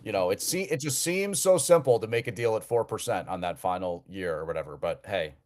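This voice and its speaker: Lower-voiced chatty man hosting a call-in. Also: lively intonation, fairly quick, darkish tone. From New Jersey. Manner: chatty, repeats words as he restarts. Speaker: live show host. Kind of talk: casual live call-in chat.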